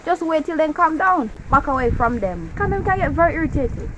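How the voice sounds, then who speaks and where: A woman's voice: sits high, lively intonation, brisk. A young woman with a Jamaican accent, ranting animatedly in heavy patois about her pet peeves in a casual vlog. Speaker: vlogger. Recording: slightly dull lo-fi audio with faint hiss.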